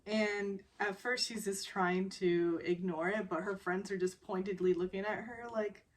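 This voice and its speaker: A woman casually recapping a television drama episode, rambling with many fillers and often breaking into laughter. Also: medium pitch.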